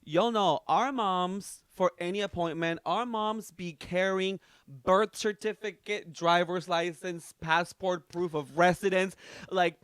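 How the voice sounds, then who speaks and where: A man's voice: high-pitched, steady tone, slow, a bit bright, clear, resonant tone, dry recording. A man co-hosting a podcast in casual chat, teasing his co-host and laughing as he talks. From Latin American family.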